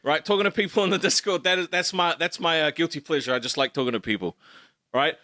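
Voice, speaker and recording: A man's voice: fairly high pitch, quick pace, bright, forceful tone, dry recording, studio quality. A man co-hosting a stream in casual chat, blunt and venting, swearing as he talks.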